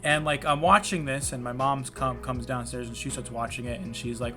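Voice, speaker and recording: Talking briskly with hardly any pauses, a young man in a mid-range voice co-hosts a podcast over music. His casual chat is animated and rambling, full of fillers and swearing, captured on a remote call mic.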